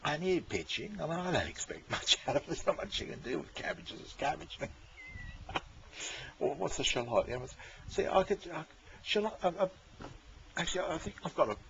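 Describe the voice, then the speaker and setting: A man's voice: on the high side, creaky, a bit bright, a little hiss or hum. A man, rambling in casual chat, swearing freely and chuckling often. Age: 60s. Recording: dull lo-fi recording.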